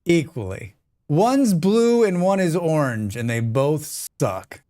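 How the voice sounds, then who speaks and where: An American man talks loosely and jokes with viewers as he plays through a live-streamed survival game. His voice sits a bit higher than most men's, and his pitch jumps up when he teases or puts on a bit. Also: big pitch swings, slow, mellow. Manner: joking, chatty, reads and answers chat. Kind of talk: casual live-stream chat while gaming.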